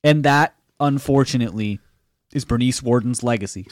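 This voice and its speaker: A man co-hosting a podcast, chatting casually and retelling scenes in an animated way, with frequent swearing. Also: mid-range voice, normal speed, dry recording. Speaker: podcast co-host. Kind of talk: casual chat.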